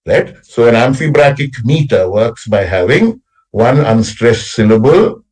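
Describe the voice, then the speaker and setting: In a college workshop session, a man with a husky, somewhat rough and slightly mellow voice lectures on poetry, his pitch swinging widely as he explains. He keeps checking in by adding "right?" after each point and recites lines with exaggerated stress to sound out the meter. The audio quality is poor.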